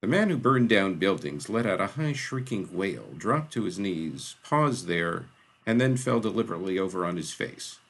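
A man narrating a fantasy story in a measured, dramatic reading. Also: low voice, lively intonation, fairly bright tone, slightly rough, low-quality recording. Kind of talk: audiobook narration.

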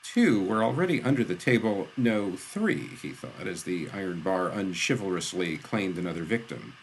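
A man narrating a fantasy audiobook in a steady, descriptive storytelling manner. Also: sits low, moderate pace, slight background noise.

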